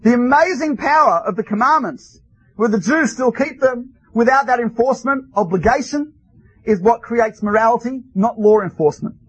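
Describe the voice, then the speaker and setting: A man teaching a class, telling stories with lively, wry asides. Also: very high-pitched, normal speed, breathy edge, dry recording, lo-fi sound. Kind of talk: storytelling lecture.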